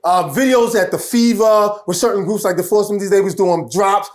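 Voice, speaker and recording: A man, a guest telling a story in casual talk, animated and laughing, with many restarts. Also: sits high, normal speed.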